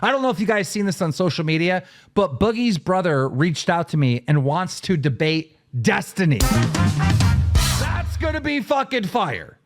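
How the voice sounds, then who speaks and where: A man's voice: sits high, moderate pace, music in the background. A man on a podcast telling a story with lots of swearing, acting out what others said. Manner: excitable, swearing, acts out quotes. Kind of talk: animated storytelling with profanity.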